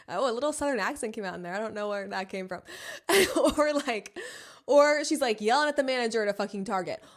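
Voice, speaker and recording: A female podcast host and self-help coach delivers a casual motivational monologue in a medium-pitched voice. She is blunt, swears freely, and laughs often.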